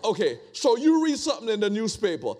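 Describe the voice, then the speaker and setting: Man, preacher, high-pitched voice, conversational sermon, repetitive, rhetorical questions. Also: wildly swooping pitch, a little fast, a little mellow.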